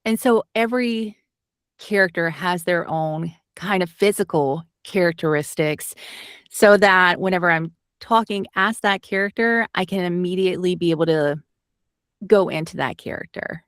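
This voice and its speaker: A woman from Alabama, an audiobook narrator, chats in a casual interview with a light, toned-down Southern accent, rambling and using lots of fillers. Her voice is fairly low, smooth, and a bit bright at normal speed, recorded in clean studio sound with no echo.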